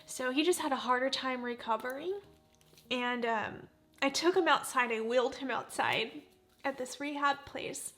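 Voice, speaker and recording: A woman's voice: high voice, a bit bright. A woman in her forties chatting casually while doing her makeup, easily sidetracked and close to tears at times. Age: 40s. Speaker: beauty vlogger.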